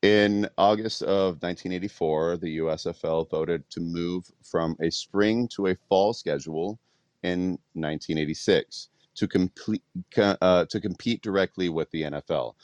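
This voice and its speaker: Man host, very low voice, casual fact recap, dry. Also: moderate pace, a little mellow, no room sound. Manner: reads facts with fillers and restarts. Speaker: podcast host.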